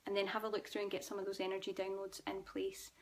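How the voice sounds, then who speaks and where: A woman's voice: mid-range voice, completely flat delivery, fast talker, a little hiss or hum. A young Scottish woman hosting a live stream, reading viewer comments and answering them in a chatty, reassuring way. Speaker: host.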